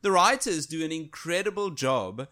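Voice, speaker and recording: Man, podcast co-host, bright forceful tone, eager, halting delivery with fillers. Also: fairly high pitch, expressive. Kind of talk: casual chat.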